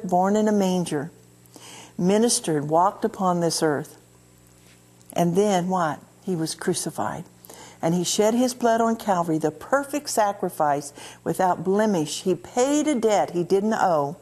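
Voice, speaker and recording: Woman, Midwestern American accent, TV ministry host, Bible teaching, earnest, repeats key words, slows down for scripture. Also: fairly low pitch, mellow, slightly rough. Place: TV studio.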